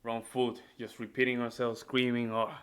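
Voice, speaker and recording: A man talks over a debate clip in a casual reaction video. His voice sits at a middling pitch, and he keeps breaking in with exasperated groans and repeated phrases. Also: completely flat delivery, normal speed, clear, resonant tone. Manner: exasperated, repetitive interjections.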